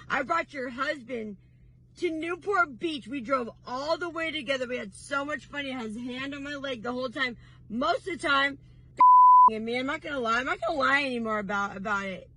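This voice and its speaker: Slow-talking woman ranting from her parked car, bright high voice, keeps laughing and going defiant. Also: very animated, husky, poor audio. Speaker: vlogger. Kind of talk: rambling confessional rant. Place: in a car pulled over.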